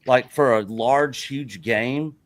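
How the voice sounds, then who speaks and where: A man's voice: mid-range voice, slow pace, no echo. A man co-hosting a casual livestream chat, rambling and filler-heavy. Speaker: co-host.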